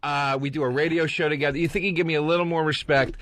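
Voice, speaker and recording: A man's voice: a little high, fast. A man co-hosting a podcast, telling a story in casual, profane chat and acting out what others said. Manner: animated, profane, acts out quotes. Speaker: podcast co-host.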